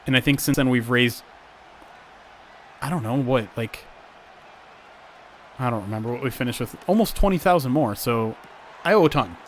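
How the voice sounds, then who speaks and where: A man's voice: medium pitch, normal speed, long pauses, a little hiss or hum. A young man hosting a live stream, chatting casually with viewers and calling plays from a football game simulation. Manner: chatty, reads chat aloud, gets loud at big plays.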